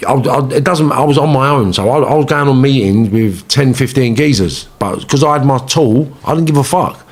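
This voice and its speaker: A man's voice: medium pitch, moderate pace. Blunt London man telling stories. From England. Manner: blunt, swearing, street slang, repeats himself. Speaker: interview guest. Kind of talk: storytelling in an interview.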